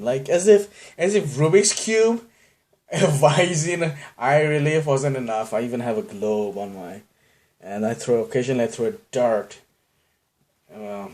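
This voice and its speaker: This Bangladeshi podcast host speaks in a lowish, slightly mellow voice on his casual solo show. Wandering off on tangents, he's self-deprecating and frequently cracks himself up.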